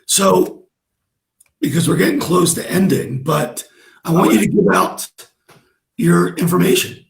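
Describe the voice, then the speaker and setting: A man hosting a casual interview over a video call, with an excitable, easygoing manner. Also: a little high, a little slow, vocal fry, echoey room, rough recording. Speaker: interview host.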